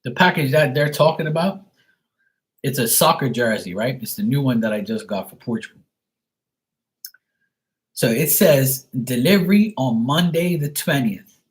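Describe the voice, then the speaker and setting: A man's voice: medium pitch, moderate pace, pauses often, poor audio. A man from Bermuda ranting on a live stream, swearing often, exasperated and restarting his sentences. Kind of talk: casual live-stream rant.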